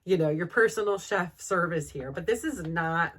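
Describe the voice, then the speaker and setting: A woman's voice: on the low side, normal speed. A middle-aged woman and mother vlogging in a chatty, rambling way, full of fillers and quoted dialogue. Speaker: vlogger and mom. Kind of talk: casual chat.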